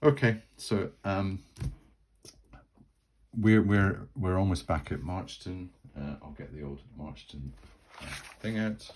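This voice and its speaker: A man's voice: low-pitched, slow, background noise. A man narrating his solo tabletop role-playing game in a rambling, chatty way. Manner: rambling, many fillers and restarts.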